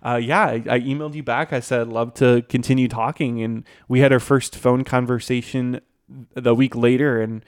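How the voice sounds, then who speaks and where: A man's voice: medium pitch, level tone, moderate pace, clear, resonant tone. A young man co-hosting a podcast, telling a story in a casual, chatty, self-deprecating way with lots of fillers. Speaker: podcast co-host.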